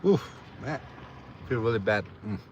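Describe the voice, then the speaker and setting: A man's voice: lowish voice, lively intonation, moderate pace, a little mellow, a little hiss or hum. A man chatting casually on a live stream, laid-back and drowsy, laughing often and swearing casually. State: drowsy after a nap. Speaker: livestreamer.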